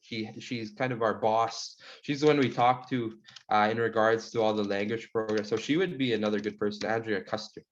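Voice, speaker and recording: Man, language teacher, relaxed rambling talk, muffled call audio. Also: fairly low pitch, a little fast, slight background noise. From Saskatchewan, Canada. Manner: relaxed, friendly, rambling with fillers. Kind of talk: online class, answering questions. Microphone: video call.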